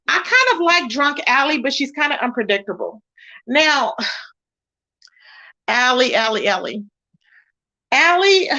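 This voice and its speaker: High, bright-voiced chatty woman host. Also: lo-fi sound. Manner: chatty, animated, greets viewers by name. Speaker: YouTube commentary host. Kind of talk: casual gossip commentary.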